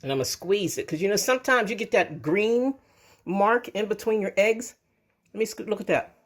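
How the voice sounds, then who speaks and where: A woman's voice: mid-range voice, moderate pace. Chatty woman host of a home cooking vlog. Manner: chatty and rambling, with restarts, calls viewers folks. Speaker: channel host. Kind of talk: casual home cooking demo. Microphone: handheld camera.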